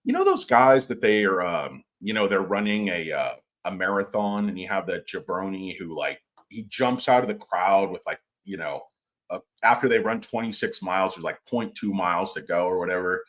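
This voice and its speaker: A man's voice: deep voice, expressive, moderate pace, a bit bright. A man giving a casual, rambling stock market commentary, opinionated and full of filler words.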